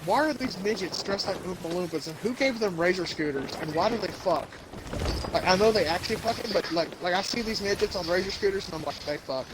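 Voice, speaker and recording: High-voiced man telling crude stories. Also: quick pace. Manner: rambling storyteller, mimics voices, laughs a lot. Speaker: podcast host. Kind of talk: crude casual banter. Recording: noisy background.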